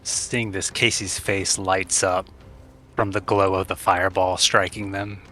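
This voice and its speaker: A man playing in a tabletop game, hesitant with many pauses. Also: deep voice, level tone, sharp tone, soft background music. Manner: hesitant, lots of ums. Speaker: player. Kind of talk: casual tabletop play.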